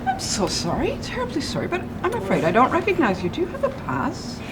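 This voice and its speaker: A woman's voice: medium pitch, sing-song, brisk, heavy background noise, lightly acted. A woman playing a gushing, over-apologetic polite lady. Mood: fretting.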